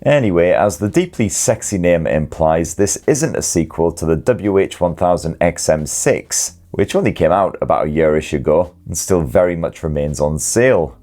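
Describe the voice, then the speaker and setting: A man's voice: low voice, expressive, moderate pace, hardly any pauses, mellow. A man with a British accent presenting a scripted headphone review in a wry, jokey manner with plenty of slang. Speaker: tech reviewer.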